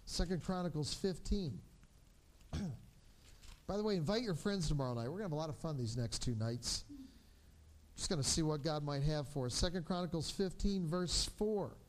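Brief: male pastor, 40s, high-pitched voice, animated storytelling preacher who drops soft and low for reflection. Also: normal speed, long pauses. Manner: animated storytelling, acting out his children's voices. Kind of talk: sermon.

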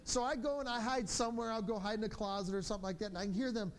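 Brief: male pastor, 40s, high-pitched voice, animated storytelling preacher who drops soft and low for reflection. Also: rapid-fire. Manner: animated storytelling, acting out his children's voices. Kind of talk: sermon.

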